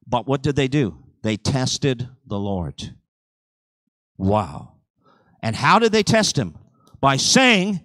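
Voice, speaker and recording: A man preaching a sermon, acting out God and the people in lively, rising outbursts. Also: no echo. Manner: animated preaching, voicing God and the people with big pitch jumps.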